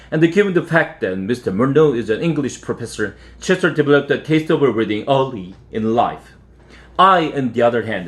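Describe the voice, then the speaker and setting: A Korean-accented man reads a children's novel aloud. His delivery is careful and deliberate, and his intonation rises and falls a lot. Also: mid-range voice. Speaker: English teacher.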